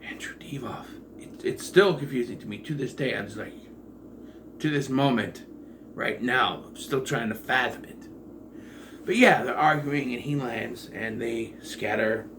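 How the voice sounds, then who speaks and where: A man giving a casual, rambling movie review, full of fillers and the occasional swear, jumping between loud excitement and quiet asides. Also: mid-range voice, measured pace, noisy background. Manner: rambling and digressive, with profanity and many fillers.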